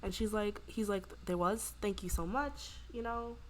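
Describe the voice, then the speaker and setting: A woman's voice: mid-range voice, a little hiss or hum. Chatty woman narrating a game. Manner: rambling, heavy use of "like" and "you know"; voices the Sims' lines in quick quoted asides. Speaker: gameplay narrator. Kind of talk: casual let's-play storytelling.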